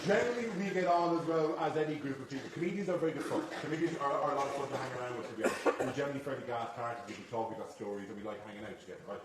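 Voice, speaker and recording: A middle-aged Irish man, a comedian guest telling stories in swearing, animated chat. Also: mid-range voice, rapid-fire, hardly any pauses. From Ireland. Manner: animated storyteller, swears freely. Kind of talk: anecdotal chat. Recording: echoey room, far from the mic, loud noise.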